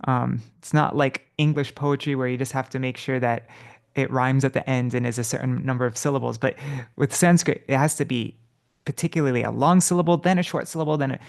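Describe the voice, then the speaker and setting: A man teaching Sanskrit verse meter in a relaxed, casual way, correcting himself, chuckling, and chanting syllables slowly. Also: mid-range voice, vocal fry. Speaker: devotional study teacher.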